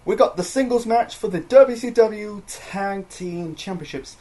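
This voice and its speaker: Young male reviewer, slightly raised pitch, loose rambling delivery, lots of "you know" and restarts. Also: a little slow, warm tone. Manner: rambling, many fillers and self-corrections. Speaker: wrestling review host. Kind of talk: casual solo review chat.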